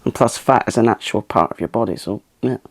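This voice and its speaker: A man hosting a makeup channel, talking softly through a tutorial in a chatty, self-mocking way and sometimes dropping into a whisper. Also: on the low side, brisk, no room sound. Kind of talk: soft-spoken makeup tutorial.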